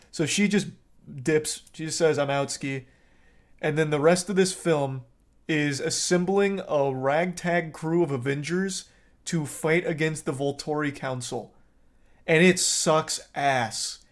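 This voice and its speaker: A young man streaming, recapping a film in a sarcastic, profane, rambling way. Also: a little high. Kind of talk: casual chat.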